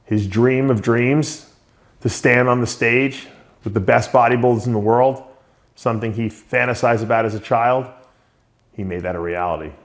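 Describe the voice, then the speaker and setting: A man's voice: medium pitch, moderate pace. A male show host giving an unscripted spoken tribute to a late friend, reminiscing with frequent short laughs.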